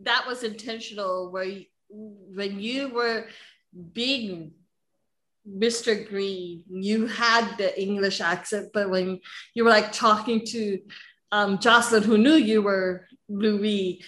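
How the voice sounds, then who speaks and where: A woman's voice: medium pitch, fairly even intonation, slow pace, fairly bright tone, echoey room. A woman interviewing a guest in casual chat, laughing often as she talks.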